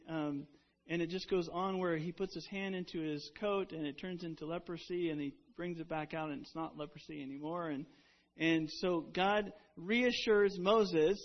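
A man preaching a sermon in a church, earnest and often restarting his sentences. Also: sits high. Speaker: pastor. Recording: dull lo-fi recording.

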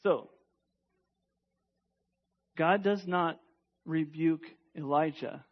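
A man preaching a sermon emphatically, asking rhetorical questions and dropping to a hush at times. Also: fairly high pitch, drawn-out words, muffled recording. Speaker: pastor.

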